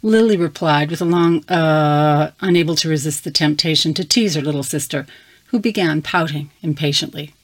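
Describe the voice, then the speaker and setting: A woman reading her fantasy story aloud with steady, measured narration. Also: sits low, slightly rough. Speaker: story reader.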